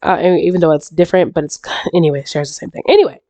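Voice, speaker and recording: A woman's voice: deep voice, fairly even intonation, rapid-fire, mellow, no echo. A woman with a stuffy, congested voice and a sore throat, chatting casually through game theories, rambling and often restarting her sentences. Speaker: YouTube reaction creator.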